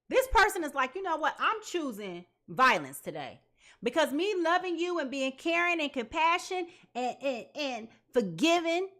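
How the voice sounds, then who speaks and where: A woman giving a live tarot reading to her viewers, talking in an animated, dramatic way. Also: sits high. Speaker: tarot reader.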